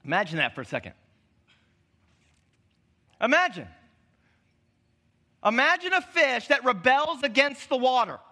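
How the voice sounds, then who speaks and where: A man preaching a sermon in a conversational way, with restarts, often dropping to a near-quiet, intimate tone. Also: extremely high pitch, big pitch swings, a little slow, pauses often.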